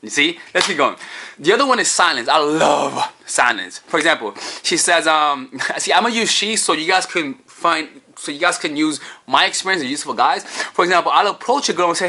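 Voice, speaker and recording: A man's voice: a little high, lively intonation, brisk, pushed and bright, slight background noise. A man coaching on dating in a casual vlog, profane and rambling, recorded on a camera-mounted microphone.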